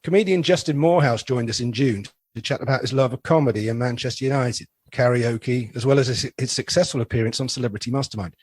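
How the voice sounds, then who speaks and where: A male podcast host reading out a scripted clip introduction in an even manner. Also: medium pitch, fast talker, hardly any pauses, dry recording. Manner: read-out, even delivery.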